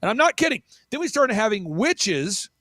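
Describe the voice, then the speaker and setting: High, lively, gravelly-voiced man telling stories. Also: dry recording. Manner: energetic, mocking, with quick asides. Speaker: guest. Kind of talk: animated storytelling in casual chat.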